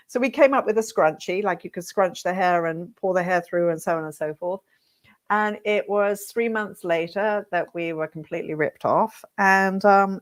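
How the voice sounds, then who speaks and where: A British woman, a hairdressing coach, telling her career story straight to camera with lively check-ins to her viewers. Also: lowish voice. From Britain. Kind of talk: reflective direct-to-camera talk.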